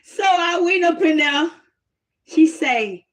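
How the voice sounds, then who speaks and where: A woman casually telling a personal testimony story, animated and plain-spoken, laughing often. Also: high voice, takes it slowly. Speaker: host sharing a testimony.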